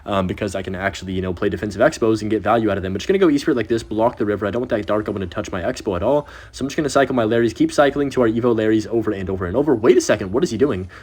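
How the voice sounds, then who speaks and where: A young man giving excitable gameplay commentary while he plays, talking to himself and to viewers. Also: lowish voice, very fast, few pauses, husky. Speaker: gaming video creator.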